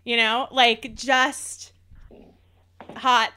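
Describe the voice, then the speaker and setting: A woman hosting a casual podcast, chatty and quick to laugh. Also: a little high, flat delivery, pushed and bright, clean tone. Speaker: podcast host.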